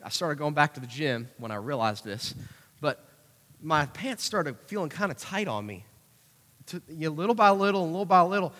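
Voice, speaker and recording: A man preaching a conversational youth sermon, animated, with acted-out asides. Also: high voice, fairly quick. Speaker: youth pastor. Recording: hall reverb.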